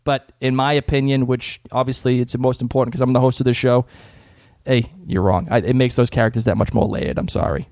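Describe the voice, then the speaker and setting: A man's voice: mid-range voice, fairly even intonation, a little fast, vocal fry, darkish tone, no echo, clean studio sound. Boston man hosting a podcast. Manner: jokey, reads listener comments. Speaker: podcast host. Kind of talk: casual podcast chat.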